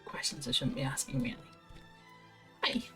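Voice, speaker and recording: A woman's voice: very deep voice, level tone, normal speed, a bit bright, soft background music. A woman streaming a game, chatting casually and reading quest dialogue aloud with self-mocking asides. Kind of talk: casual gameplay commentary.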